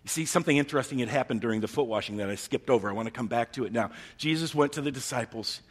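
Husky-voiced male pastor preaching in a hall. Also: mid-range voice, very fast. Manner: dynamic preaching, swinging from hushed and intimate to loud and emphatic. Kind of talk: sermon.

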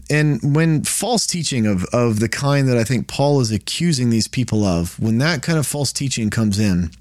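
A man's voice: medium pitch, expressive, moderate pace, darkish tone, no room sound, clean studio sound. Casual male Bible study host. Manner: conversational, restarts and repeats words while explaining.

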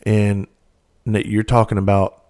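A man's voice: lowish voice, little pitch movement, a little slow, darkish tone. A middle-aged man, hosting a podcast and telling a rambling, candid, profane story in casual monologue. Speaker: podcast host.

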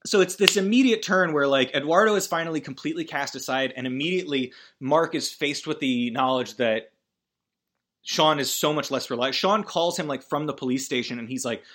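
A man casually recapping a film, rambling and animated, acting out the characters' lines and swearing freely. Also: on the high side, brisk. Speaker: podcast host recapping a film.

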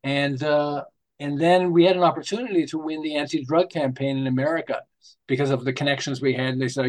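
Older man, from Canada, higher pitch, rambling storyteller, podcast guest. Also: brisk. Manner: rambling, animated anecdotes with restarts. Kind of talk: casual interview storytelling.

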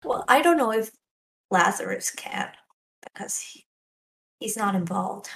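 Eager woman player, lively gravelly voice. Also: medium pitch, unhurried, slight background noise. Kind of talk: tabletop game chat.

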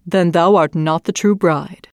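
A woman voicing a young prince in a storybook reading, speaking softly in a measured, formal manner. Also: fairly low pitch, smooth, no room sound, clean studio sound. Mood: questioning. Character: stern young prince testing his bride.

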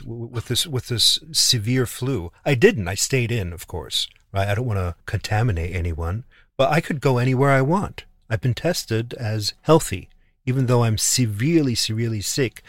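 A man's voice: medium pitch, no room sound, clean studio sound. A man telling a travel story in casual chat, indignant, often repeating and restarting words.

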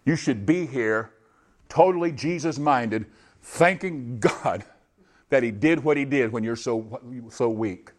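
A man preaching a sermon in a church on a microphone, swinging from high, loud passages to low, quiet asides, his voice going hoarse. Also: slow. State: losing his voice. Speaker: pastor. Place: church sanctuary. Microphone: handheld or stage microphone.

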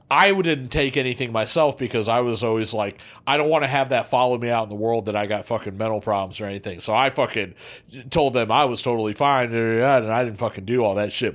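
A man telling a story from his own past on a podcast, casual and heavy on swearing. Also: lowish voice. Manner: profane, animated, swears constantly. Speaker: podcast co-host.

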